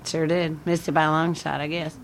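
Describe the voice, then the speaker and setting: A woman's voice: deep voice, flat delivery, a little fast, a little hiss or hum. A middle-aged woman from around Buffalo, with an accent mixing Western New York and Alabama southern, chatting in a casual interview. She is plain-spoken and laughs often. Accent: mixed Western New York and Alabama southern. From Buffalo, New York area. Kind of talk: casual conversation.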